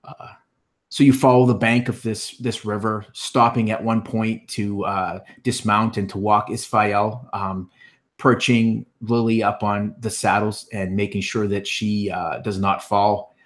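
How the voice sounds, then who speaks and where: A man narrating as game master of a tabletop fantasy game, halting with many fillers. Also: fairly low pitch, level tone.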